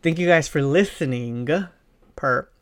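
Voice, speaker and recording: A man's voice: medium pitch, measured pace, fairly bright tone, smooth. A young man hosting his own podcast, telling an embarrassing story in a rambling, profane way, full of fillers and slang. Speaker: podcast host. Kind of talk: casual storytelling monologue.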